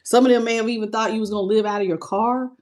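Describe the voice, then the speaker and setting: A woman's voice: on the high side, fairly even intonation, fast, a little mellow. A woman reading tarot cards live, talking to her viewers and greeting them by name, with emotion and a casual way of speaking. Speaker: tarot reader.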